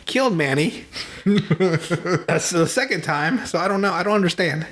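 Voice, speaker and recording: A podcast host on a remote call retells a movie in a loose, profane, animated way, laughing often. His voice is high-pitched and his pace measured.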